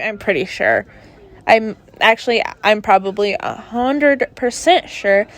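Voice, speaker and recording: A young woman hosting a casual solo podcast from her bedroom, rambling through stories with lots of fillers and asides. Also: on the high side. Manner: chatty, rambling with many fillers. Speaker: podcast host. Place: bedroom at her parents' home.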